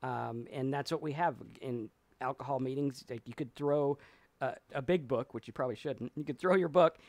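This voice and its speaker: A man's voice: mid-range voice, moderate pace, a little mellow, no room sound. A man co-hosting a casual live talk, reading viewer comments and telling stories at length. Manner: rambling storyteller, acts out voices. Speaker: podcast co-host.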